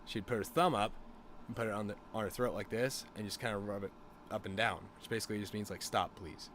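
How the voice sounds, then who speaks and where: A man's voice: on the low side, fairly even intonation, fast, fairly bright tone, a little hiss or hum. A man streamer rambling through a crude, casual story with lots of fillers.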